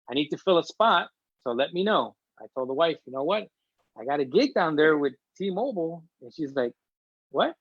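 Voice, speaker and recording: A man's voice: fairly high pitch, dry recording, highs cut off. A middle-aged man from Chicago, a guest in a casual interview, telling a family story with feeling and acting out what people said. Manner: emotional, chatty storyteller acting out quotes.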